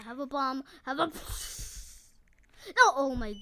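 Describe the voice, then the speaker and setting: A woman commenting excitedly over her own gameplay, yelping and joking as she plays. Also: high-pitched, very slow, a little hiss or hum. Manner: excitable, yelps and screams often; playful, jokey asides. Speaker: gaming video host. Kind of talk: let's-play commentary.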